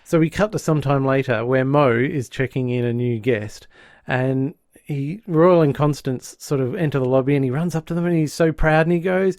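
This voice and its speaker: A man co-hosting a podcast, talking through a sitcom plot in a loose, chatty way. He keeps breaking into quick impressions of the characters. His voice sits in a middle register and sounds dry and close to the mic. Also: medium pitch, a little mellow, no room sound. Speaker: podcast co-host. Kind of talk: casual chat recapping a sitcom episode.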